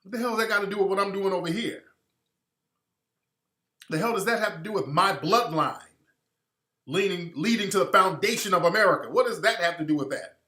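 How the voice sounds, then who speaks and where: Speaking forcefully in a bright, high-pitched voice at a moderate pace, this man hosts a livestream and fills his monologue with swearing and rhetorical emphasis. The recording has a roomy sound.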